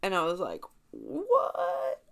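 A young woman with a lowish voice tells a personal story off the cuff. She is blunt and swears freely, rambling with plenty of fillers and restarts. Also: lively intonation, a little slow, fairly bright tone, clean tone, no echo.

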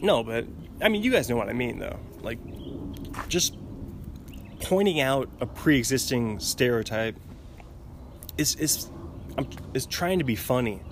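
A man's voice: mid-range voice, expressive, unhurried, gravelly, long pauses, noisy background. A man in his twenties hosting a podcast alone, rambling in casual chat with frequent giggles and restarts. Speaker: podcast host. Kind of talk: casual solo podcast monologue.

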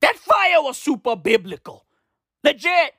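A woman delivering a profane comic rant, provocative, jumping between loud outbursts and muttered asides. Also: high-pitched, sing-song, a little slow, dry recording, studio quality.

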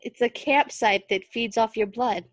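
A woman's voice: on the high side, unhurried, no echo. A woman with a Southern US accent reading fan fiction aloud, giggling and stumbling over words, then going back to reread them.

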